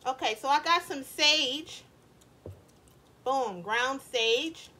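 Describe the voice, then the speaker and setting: A woman's voice: high-pitched, takes it slowly, sharp tone. A woman cooking at home, chatting to her viewers in a casual way, often saying "y'all" and asking them questions. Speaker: cooking vlogger. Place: home kitchen.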